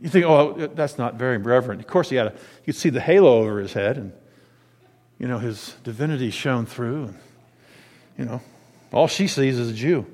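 A male pastor preaches a conversational sermon, swinging from high, loud emphasis to quiet asides. His voice sits mid-range and carries a long reverb, as in a large sanctuary. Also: normal speed, pauses often. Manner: animated, conversational, with dramatic pitch swings.

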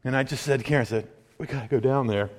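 A man giving a sermon, telling his own testimony, dropping to a hush and then rising loud. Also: mid-range voice, rapid-fire. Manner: storytelling, swings between hushed and loud. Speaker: preacher. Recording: long hall reverb.

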